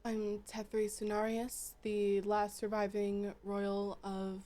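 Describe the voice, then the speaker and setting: A woman's voice: medium pitch, monotone, slow pace, dark tone, lightly acted. A woman voicing the last surviving royal of an empire, speaking plainly and a little hesitantly.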